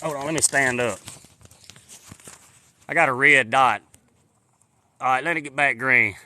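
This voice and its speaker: A man's voice: mid-range voice, unhurried, pushed and bright. A man, live-streaming from the woods on a handheld phone, rambling folksily and answering viewer comments. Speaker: livestreamer. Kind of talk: casual live-stream chat. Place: outdoors in the woods. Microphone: phone held in hand.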